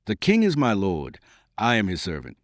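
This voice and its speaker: A man voicing a devout, gentle young peasant girl turned army commander, speaking earnestly and pleading. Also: on the low side, very animated, moderate pace, no room sound, studio quality.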